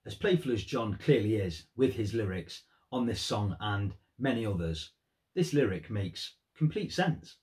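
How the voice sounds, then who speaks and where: A man's voice: on the low side, animated, measured pace, a little mellow. A man giving earnest, thoughtful commentary on song lyrics in a vlog. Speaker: music vlogger.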